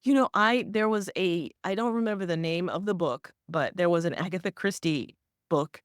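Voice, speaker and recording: A woman's voice: on the low side, moderate pace, clean tone, no echo, studio quality. A woman co-hosting a podcast, chatting casually in a rambling, teasing way with lots of restarts. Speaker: podcast co-host. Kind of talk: casual chat.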